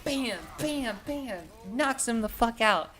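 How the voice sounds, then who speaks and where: A woman's voice: on the high side, takes it slowly, fairly bright tone. Rambling young woman telling a story. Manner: rambling, profane, heavy with "like" and "you know". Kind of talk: casual storytelling vlog.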